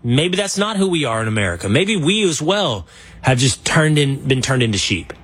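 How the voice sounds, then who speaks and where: A man hosting a political interview, telling stories in an animated, opinionated way. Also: mid-range voice, moderate pace, breathy edge. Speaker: show host.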